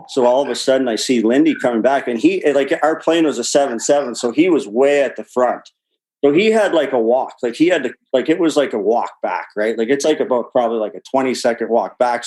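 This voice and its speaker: A man's voice: medium pitch, darkish tone, low-quality recording. Profane rambling male storyteller. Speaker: guest, former hockey player. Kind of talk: casual storytelling.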